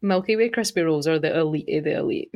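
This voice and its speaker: A woman's voice: low-pitched, fast talker, dull audio, slight background noise. A woman co-hosting a podcast, chatting casually, joking and laughing often. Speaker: podcast co-host. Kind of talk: casual chat.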